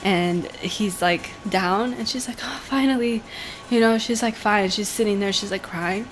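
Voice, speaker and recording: A woman co-hosting a podcast, retelling a horror episode in a casual, animated way with lots of "like". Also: medium pitch, soft background music. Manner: animated retelling, says "like" often, quick laughs. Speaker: podcast co-host. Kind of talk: casual chat.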